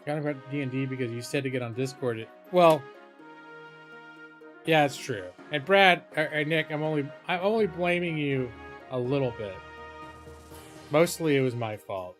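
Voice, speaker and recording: A man's voice: mid-range voice, animated, a little slow, long pauses. A male game streamer talks casually and rambles at a home setup late at night. He sounds self-deprecating and keeps his voice down, with faint music playing under his mid-range voice. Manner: rambling, self-deprecating, talking hushed after being shushed. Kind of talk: casual live-stream chat.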